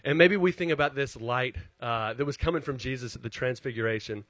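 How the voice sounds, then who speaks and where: A man preaching a conversational sermon, an animated storyteller who pokes fun at himself before turning to scripture. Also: mid-range voice, fairly quick, no echo. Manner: self-deprecating, animated storyteller. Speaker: pastor.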